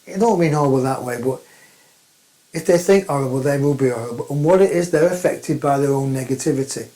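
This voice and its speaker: Casting: male spiritual teacher, direct and emphatic, repeats his points, mellow tone. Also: medium pitch, rough recording. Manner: plain-spoken, emphatic, repeats phrases. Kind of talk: spiritual talk to camera.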